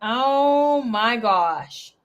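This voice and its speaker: A young woman runs a casual tarot reading from home, drifting into rambling personal stories. She swears freely and her volume jumps from loud bursts down to quiet mumbling. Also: a little high, animated, drawn-out words, dull audio. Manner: chatty, swearing, rambling asides. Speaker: tarot reader.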